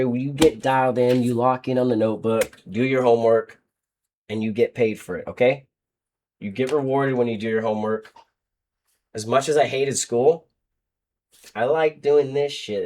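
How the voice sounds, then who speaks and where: A man's voice: medium pitch, darkish tone. A young man hosting a casual sports betting show, going through picks bluntly and joking as he goes. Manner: blunt, joking, trash-talking teams and players.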